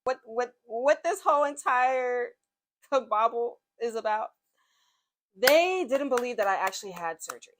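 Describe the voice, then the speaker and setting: A young woman telling a dramatic storytime about work, expressive and full of slang and asides. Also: on the high side, normal speed. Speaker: vlogger telling a workplace story. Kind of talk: animated storytime monologue.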